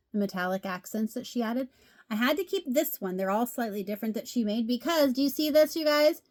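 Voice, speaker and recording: A middle-aged woman chatting casually as she shows off craft cards, gushing and repeating how much she loves each one. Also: on the high side. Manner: gushing, chatty, says "love" a lot. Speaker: craft video host. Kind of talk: casual show-and-tell chat.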